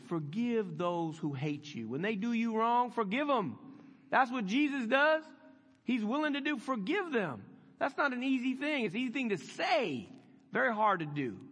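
A man with a notably high voice preaches to his congregation, chatty and folksy, then pressing his points with building emphasis. His voice rings out with the long reverb of a church hall. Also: fairly bright tone, breathy edge. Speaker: pastor. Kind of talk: sermon.

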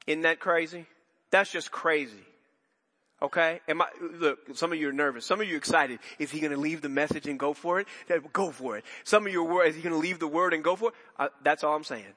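A man's voice: on the high side, fast talker, sharp tone, in a large hall. A man preaching a sermon in a church, talking in a loose conversational way with many restarts and asides. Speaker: pastor. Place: church sanctuary.

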